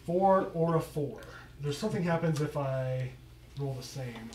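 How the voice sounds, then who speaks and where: A fairly high-voiced man chats casually at a gaming table, pausing as he works through rules aloud. He sits well back from the microphone in an echoey room with faint background noise. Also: expressive, recorded from a distance. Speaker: player. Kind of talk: casual tabletop game chat.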